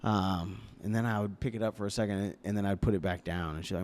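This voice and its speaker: A man's voice: on the low side, fast, few pauses. A young man as a podcast guest, telling a personal story hesitantly, with many fillers and restarts. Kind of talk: casual storytelling interview. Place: podcast studio. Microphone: podcast microphone.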